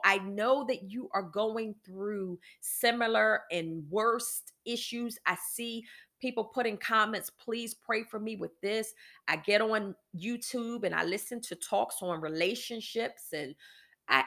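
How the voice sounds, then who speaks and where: A woman's voice: mid-range voice, gravelly, fairly bright tone. A woman hosting a podcast, talking candidly and emphatically about a personal frustration and speaking straight to her listeners in a preacherly way. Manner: emphatic, exasperated storytelling with frequent restarts; direct address to listeners, preacherly. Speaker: podcast host.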